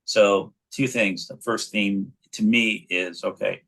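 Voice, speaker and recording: A man's voice: fairly low pitch, takes it slowly, creaky. A man in his forties from New York, telling stories animatedly as an interview guest. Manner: animated storyteller, frequent restarts. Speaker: guest, actor and children's author. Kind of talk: casual interview chat.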